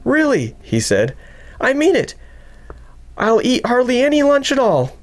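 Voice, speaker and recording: A man's voice: very high-pitched, wildly swooping pitch, a little slow, pitched above the performer's own voice, heavily acted. A man voicing an eager, chatty young boy who keeps talking about food, for a storybook reading.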